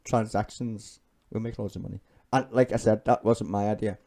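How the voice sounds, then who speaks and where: A man rants through profane political commentary on a live stream, blunt and sardonic. His voice sits low with a gravelly fry and a dark, mellow tone. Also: steady tone, a little fast. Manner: sweary, ranting and sardonic.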